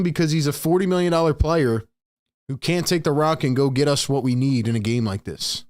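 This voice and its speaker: A man's voice: on the high side, brisk, darkish tone. Frustrated young American man on a live stream. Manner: frustrated, blunt, talks straight to chat. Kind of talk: live play-by-play and reaction stream.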